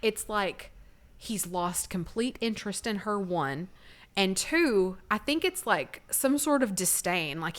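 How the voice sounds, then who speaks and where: A woman co-hosts a casual podcast, recapping a TV episode and performing the characters' lines. Her voice is medium-pitched with a fairly bright tone.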